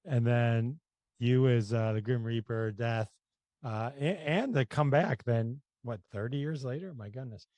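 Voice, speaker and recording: Male interview host, medium pitch, eager fan energy, dry close mic. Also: a little slow, warm tone, dry recording. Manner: enthusiastic, laughs often. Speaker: podcast host. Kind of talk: interview chat.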